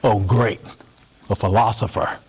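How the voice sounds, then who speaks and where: A man's voice: fairly low pitch, fairly even intonation, a little slow, husky, pitched below the performer's own voice. A man voicing a battered, distrustful wanderer who has been on the road for years and talks in a curt, sardonic way. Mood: sardonic weary.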